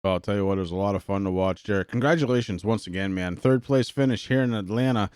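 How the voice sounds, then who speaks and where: A man commentating a sim racing broadcast, excitable and out of breath, with stammering restarts. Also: fairly low pitch, fast talker, smooth, no room sound, clean studio sound. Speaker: race commentator.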